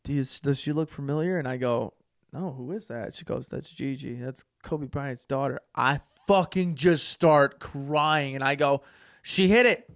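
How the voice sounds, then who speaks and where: A young man co-hosting a podcast, telling a story in a casual, profane way, dropping to a hush and then bursting out loud. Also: medium pitch, normal speed, gravelly, no room sound, studio quality. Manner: animated storytelling, profane, swings from hushed to loud. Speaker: podcast co-host. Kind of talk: casual chat.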